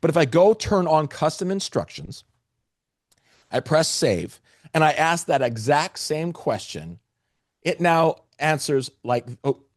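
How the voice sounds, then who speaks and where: A man's voice: fairly high pitch, expressive, measured pace, no room sound, clean studio sound. A man presenting a live webinar, talking to the chat with energy and restarting phrases often.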